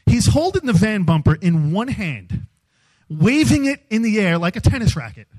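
A man speaking as a youth speaker, giving a humorous storytelling sermon in an animated, self-mocking way. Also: sits high, moderate pace, poor audio.

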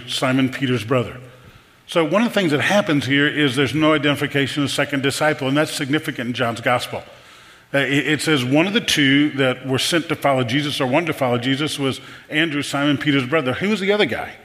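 A man's voice: mid-range voice, fairly bright tone. A man preaching a conversational sermon, repeating words and asking the audience questions. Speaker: pastor. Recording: long hall reverb.

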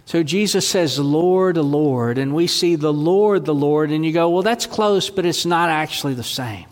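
A pastor preaching a sermon, swinging between loud proclaiming and hushed near-whispers. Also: male voice, a little high, unhurried. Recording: long reverb of a large hall.

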